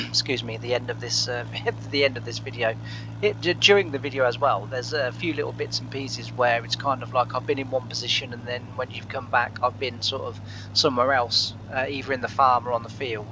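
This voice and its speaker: A man's voice: mid-range voice, brisk, background noise. A man hosting a farming game let's play from his living room, chatting casually with lots of fillers and chuckles. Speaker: gaming channel host.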